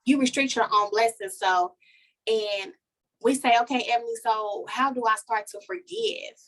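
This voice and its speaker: A woman, a life coach guesting on a podcast, telling a personal story in a lively, heartfelt way and talking straight to listeners. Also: a little high, moderate pace. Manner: animated storytelling, talks to listeners as "y'all". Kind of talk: casual podcast conversation, personal testimony.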